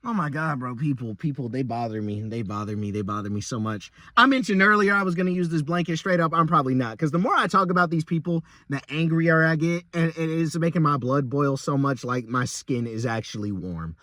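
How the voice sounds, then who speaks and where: A young man venting about a rough day at work in a rambling, exasperated casual vlog rant, often stumbling and repeating himself. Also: a little high, animated, a little fast, hardly any pauses, fairly bright tone, no room sound, studio quality.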